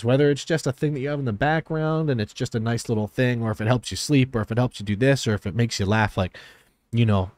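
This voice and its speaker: A man's voice: medium pitch, darkish tone, dry recording. Rambling, sincere man talking to viewers. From Philadelphia and New Jersey, USA. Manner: rambling and sincere, with many fillers and restarts. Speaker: streamer and YouTube reaction host. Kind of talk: casual heartfelt talk to viewers.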